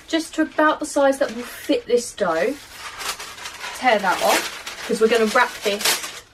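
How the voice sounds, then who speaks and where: A woman's voice: on the high side, fairly bright tone, a little hiss or hum. A woman vlogger giving a casual how-to baking walkthrough in a home kitchen, chatty and self-deprecating, and coaxing her dough along as she works. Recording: distant mic with faint kitchen clatter.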